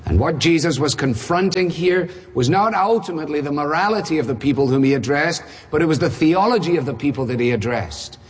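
A man delivers a sermon with a husky, slightly raised voice. He presses his points with emphatic rhetorical questions and dry humor. His words ring out in a large reverberant hall. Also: fairly high pitch. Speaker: preacher.

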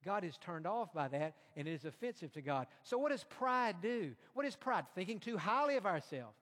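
Man preaching, high voice, emphatic, reverb of a big hall. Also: very animated, normal speed. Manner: emphatic, rising to loud peaks when quoting proud speech. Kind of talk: sermon.

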